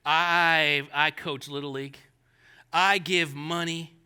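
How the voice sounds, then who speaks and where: A man's voice: fairly high pitch, steady tone, slow, pushed and bright, clean tone, exaggerated voice. A man voicing a self-satisfied retired man who boasts of his good deeds in a sermon story. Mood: pleading. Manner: bragging, pleading.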